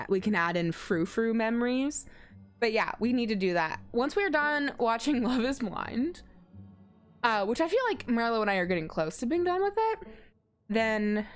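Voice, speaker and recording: A young woman streaming a story game, chatting casually and giggling as she reads chat aloud. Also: fairly high pitch. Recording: faint music behind.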